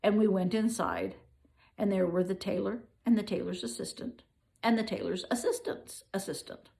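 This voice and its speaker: A woman's voice: mid-range voice, moderate pace, gravelly, dark tone. An older woman reading a children's book aloud, with playful asides to the listener.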